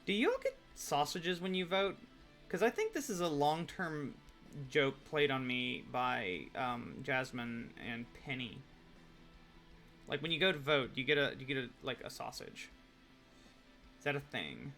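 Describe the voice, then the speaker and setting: A man's voice: medium pitch, animated, a little slow, pushed and bright, soft background music. A young man chatting casually while he paints on a live stream, joking and explaining each step.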